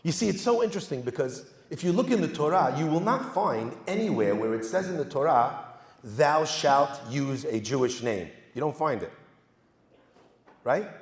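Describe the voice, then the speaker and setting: Joking rabbi in an echoey hall. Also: male voice, fairly high pitch, a little fast. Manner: joking, storytelling, lively asides. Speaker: rabbi giving a talk. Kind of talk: humorous speech to a live audience. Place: synagogue hall. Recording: echoey hall, live event.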